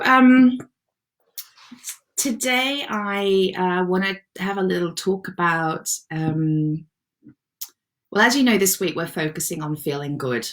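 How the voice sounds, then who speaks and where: A woman with a low-pitched voice hosts a live online self-love session. She talks in a relaxed, chatty way, greeting viewers and answering their comments with encouragement. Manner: warm, encouraging, reads viewer comments aloud. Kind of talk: casual live-stream chat.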